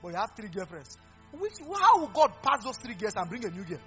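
Pastor, male, animated sermon delivery, swoops high and low. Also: brisk. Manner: animated, mixing Pidgin, laughing and exhorting. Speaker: preacher. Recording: dull lo-fi recording with faint music.

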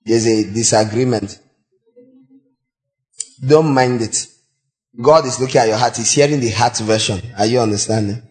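A male pastor preaching a sermon, urging and questioning his listeners directly, with a voice that cracks when he reaches high notes. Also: normal speed, long pauses, darkish tone, soft background music. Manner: exhorting, breaks into high sung demonstrations.

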